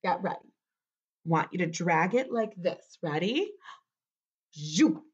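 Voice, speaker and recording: Woman voicing Larry, a bossy excitable book character. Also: on the low side, takes it slowly, breathy edge, lo-fi sound, voice pushed down, full character voice. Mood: playful. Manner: exclaims and coaxes the listener into actions.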